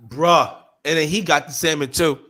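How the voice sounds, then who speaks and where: Pitched fairly high and moving at a moderate clip, a young man co-hosts a podcast. He swears freely as he spins an animated story, doing impressions of the people he quotes.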